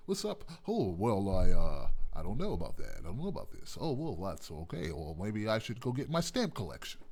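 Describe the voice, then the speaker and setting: A stuffy, square office guy, put on by a man, dropping into a noticeably deep, low register. He talks with a fussy, hesitant politeness, full of "uh" and "oh, well." There is something corny and buttoned-up about him. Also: a little mellow, heavily acted.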